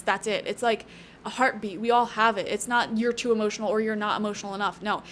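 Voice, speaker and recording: A woman with a mid-range voice gives a casual tarot reading to camera, with slight background noise behind her. Chatty and emphatic, she wanders off on tangents into earnest pep talks, tossing in "okay?" and "you know."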